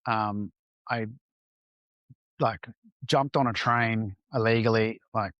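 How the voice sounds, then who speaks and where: A man's voice: on the low side, steady tone, slow, fairly bright tone, no echo, dull audio. A man talking as a podcast guest, telling a personal story candidly and casually, with some swearing and acted-out bits of dialogue. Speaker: entrepreneur guest.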